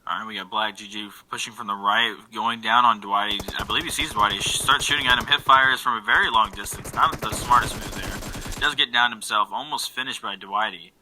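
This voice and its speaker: A man giving relaxed play-by-play commentary on an online game match, full of fillers and quick self-corrections. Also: on the low side, slight background noise, low-quality recording. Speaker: esports caster.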